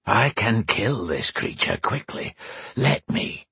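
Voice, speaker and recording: A man doing a tempting male monster spirit, slow quiet coaxing, dry close sound, storybook creature. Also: fairly low pitch, very animated, vocal fry, husky, no room sound, heavily acted.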